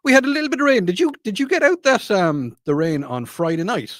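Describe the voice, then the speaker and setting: A man hosts a radio talk show from the studio, talking in a loose, rambling way that circles back and repeats itself. His voice sits a little high for a man. The sound is close and dry, with no room in it. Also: expressive, brisk, fairly bright tone, no echo. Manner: rambling and chatty, repeats himself and apologizes. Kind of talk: casual radio chat.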